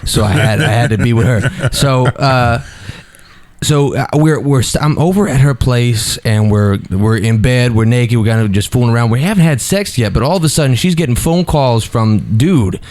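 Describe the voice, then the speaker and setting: Young dude rambling through a story on a podcast, lots of um and like, mid pitch. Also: male voice, expressive, normal speed, a little mellow. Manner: rambling, lots of restarts and fillers, laughs while telling. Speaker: podcast co-host telling a story. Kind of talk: casual storytelling chat.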